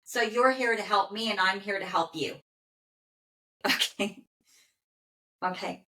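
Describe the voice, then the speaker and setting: Bright-voiced woman in a roomy echo. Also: medium pitch. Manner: calm, soothing, with frequent "okay" pauses. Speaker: animal communicator. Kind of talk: relaying a dog's messages in first person.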